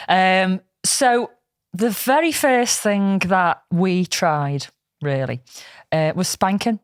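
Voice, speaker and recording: Woman podcast co-host, frank and chatty, dry studio sound, mid pitch. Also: slow, clear, resonant tone, no echo. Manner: chatty, laughs often, frank. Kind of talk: casual chat.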